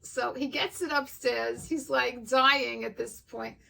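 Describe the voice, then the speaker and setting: A woman's voice: a little high, steady tone, slow pace, creaky, sharp tone, distant mic, poor audio. An older woman vlogger chatting casually with her viewers and telling a story, acting out both sides of it. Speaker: wig vlogger.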